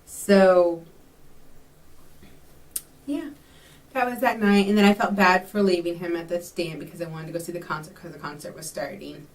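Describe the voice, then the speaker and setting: A woman's voice: fairly low pitch, fairly even intonation, moderate pace, pauses often, far from the mic. A young woman from Texas telling a rambling personal story in a casual vlog, full of ums and likes. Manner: chatty, rambling, with many fillers. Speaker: vlogger.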